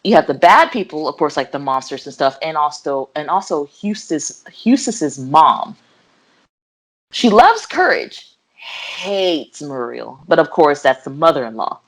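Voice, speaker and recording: A woman's voice: low-pitched, normal speed, hardly any pauses. A young adult woman co-hosting a podcast, chatting casually and laughing often as she retells scenes in acted-out voices. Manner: giggly, animated retelling with voiced quotes. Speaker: podcast co-host. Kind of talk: casual chat.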